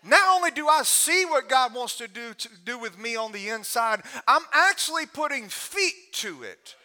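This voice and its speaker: A man giving a storytelling sermon as a guest preacher, animated and humorous, often breaking into laughter. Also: very high voice, normal speed.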